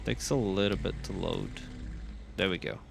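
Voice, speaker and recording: A man giving relaxed gameplay commentary as he tests a game on his PC, thinking aloud with many fillers and restarts. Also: deep voice, normal speed, creaky, music in the background. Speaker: gaming channel host.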